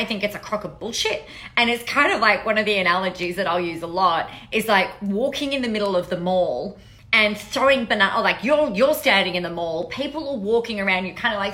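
Bright-voiced, blunt, sweary woman. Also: mid-range voice, expressive, brisk. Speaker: podcast host. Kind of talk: casual monologue.

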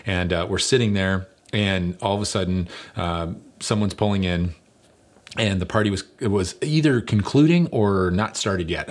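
A middle-aged male lead pastor delivering a conversational sermon, telling stories with fillers and self-deprecating humor. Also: sits low.

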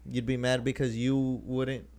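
A man's voice: medium pitch, flat delivery, measured pace, a little mellow. A young man hosting a casual podcast chat, retelling a story loosely and animatedly with plenty of filler words. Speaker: podcast host.

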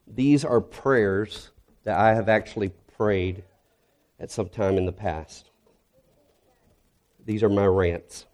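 A male pastor giving an earnest, reflective sermon that grows quiet and soft in its heavier moments. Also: on the low side, steady tone, measured pace.

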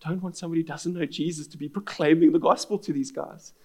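A man's voice: on the high side, fairly even intonation, quick pace, mellow. A man, preaching a sermon as pastor in an earnest, storytelling manner.

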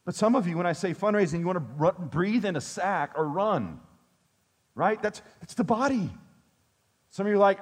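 A man's voice: high voice, expressive, moderate pace, husky. A male pastor preaching a sermon in a conversational way, with joking asides to his congregation.

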